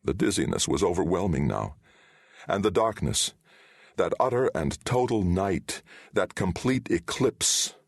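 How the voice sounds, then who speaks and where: A man narrating a fantasy audiobook with a dramatic, expressive reading. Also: sits low, measured pace, gravelly, no echo, clean studio sound.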